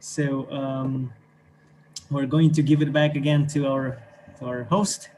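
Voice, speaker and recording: A man co-teaching an online class, speaking in a relaxed, casual way. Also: medium pitch, takes it slowly, a little hiss or hum. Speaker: English teacher.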